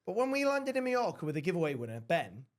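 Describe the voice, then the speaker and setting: A man's voice: high voice, wildly swooping pitch, fast. A man hosting a podcast, telling rambling anecdotes in casual chat and swearing often. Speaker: podcast host.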